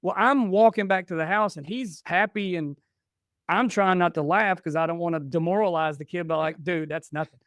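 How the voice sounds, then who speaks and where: A man's voice: high voice, moderate pace, no room sound, studio quality. A man in his forties, a podcast guest, telling stories in casual chat and acting out the dialogue. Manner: animated, acts out dialogue in stories.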